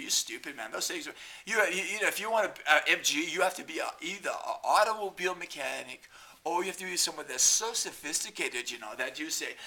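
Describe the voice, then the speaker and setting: A man rants in a loose comic monologue, mocking and profane. His voice sits slightly high and rings very bright. He circles back on himself with constant "you know" and "man.". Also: expressive, quick pace. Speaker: comedic ranter.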